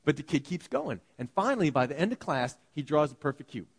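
Animated male preacher in a reverberant hall. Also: fairly high pitch, fast, gravelly, slightly rough. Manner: animated storytelling, acts out quoted voices. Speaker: pastor. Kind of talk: sermon.

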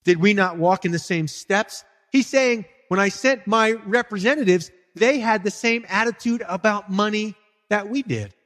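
A man's voice: high voice, normal speed, fairly bright tone, big-room sound. A male pastor preaching a sermon in a church, talking casually to the congregation with rhetorical questions and quoted voices. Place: church sanctuary.

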